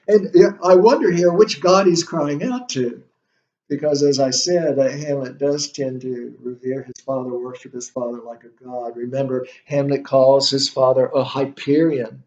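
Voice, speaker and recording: A man's voice: medium pitch, normal speed, a little mellow, lo-fi sound. A male instructor giving a literature lecture, thinking aloud with many fillers and rhetorical questions.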